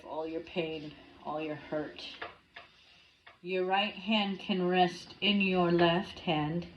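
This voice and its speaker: A woman reading a tarot card aloud and guiding a ritual, slow and soft, with casual swearing between readings. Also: low voice, muffled recording, slight background noise. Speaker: tarot reader.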